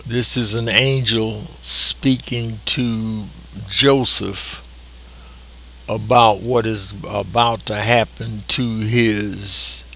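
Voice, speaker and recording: Male preacher, recorded sermon; unhurried, deliberate delivery, pressing on words; bright tone. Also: lowish voice, steady tone, creaky, slight background noise. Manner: slow and deliberate, drawn-out emphasis.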